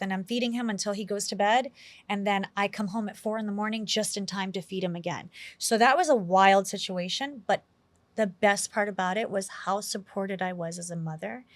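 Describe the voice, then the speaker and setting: Animated woman telling stories in an interview. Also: mid-range voice, no room sound. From New York City. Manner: animated, quotes herself often, heavy use of "like". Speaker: actress, interview guest. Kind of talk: casual interview storytelling.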